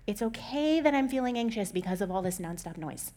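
A woman's voice: medium pitch, fast, hardly any pauses. A woman in her thirties giving casual advice, talking conversationally, laughing often and acting out little quoted lines.

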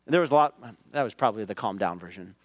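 A middle-aged man preaching a sermon, telling a personal story in a conversational way that rises into loud acted outbursts. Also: on the low side, expressive, fast, dry recording. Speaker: pastor.

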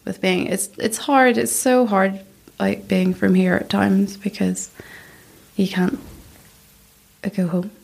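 A young woman from Northern Ireland with a Northern Irish accent, speaking softly and shyly as a guest in a casual interview, laughing often. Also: medium pitch, steady tone, takes it slowly, vocal fry, slightly rough. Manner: soft-spoken, shy, laughs often. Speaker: guest puppet-maker.

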